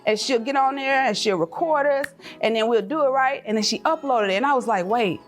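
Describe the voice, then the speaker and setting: A woman giving a passionate, faith-filled motivational speech to a live audience, emotional at times and slipping into lively voices when she quotes her children. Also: brisk. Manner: passionate and preachy, mixing faith with business advice; swings into high, laughing voices when quoting her kids and herself. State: emotional, near tears at times. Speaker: event speaker. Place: event room with an audience.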